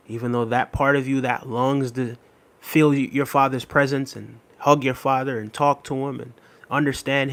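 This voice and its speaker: A man's voice: medium pitch, fairly bright tone. Casual man hosting a livestream. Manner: conversational, repeats phrases, laughs often. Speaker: livestream host. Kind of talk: casual livestream chat reading comments.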